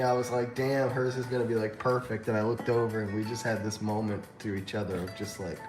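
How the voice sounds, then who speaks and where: A man's voice: mid-range voice, fairly quick. Laughing male livestream host, roomy sound. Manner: laughing, animated storytelling. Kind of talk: casual livestream chat. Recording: roomy echo with faint music.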